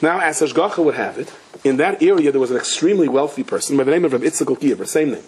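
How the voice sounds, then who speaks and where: A rabbi telling a story in a Torah class in a lively way, who often laughs and breaks into excited character voices. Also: male voice, on the high side, fast, husky. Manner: laughs often and restarts sentences.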